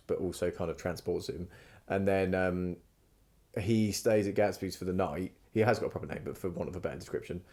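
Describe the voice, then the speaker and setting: A man with a fairly low voice hosts a casual podcast. He rambles through a long story, swears freely and slips into quoted lines as he goes. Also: a little mellow. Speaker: podcast host. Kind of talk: casual chat.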